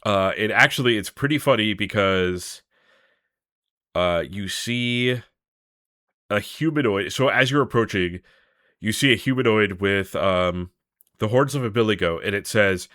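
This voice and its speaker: A man with a low voice and a bright, forceful edge talks through a game module in loose casual chat. He rambles, restarts sentences and laughs easily. The sound is dry and close. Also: measured pace, no echo. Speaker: podcast host. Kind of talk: casual tabletop game discussion.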